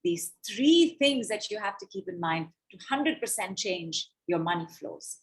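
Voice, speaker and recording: A woman, leading a spiritual money coaching call, chanting affirmations and breath cues in slow repetitions. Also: medium pitch, expressive. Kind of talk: guided affirmation session on a call.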